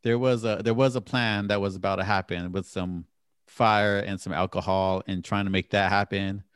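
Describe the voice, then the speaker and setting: A man co-hosting a casual podcast, his voice sitting on the low side. He talks with enthusiasm and laughs easily, recorded dry and close to the mic. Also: steady tone, normal speed, a bit bright, smooth, no echo. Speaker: podcast co-host. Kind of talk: casual chat.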